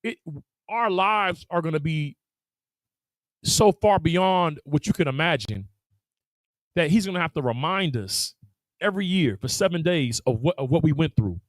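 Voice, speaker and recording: Lively high-voiced man preaching. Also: normal speed, no echo, rough recording. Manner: animated, laughing, acting out voices. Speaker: religious teacher.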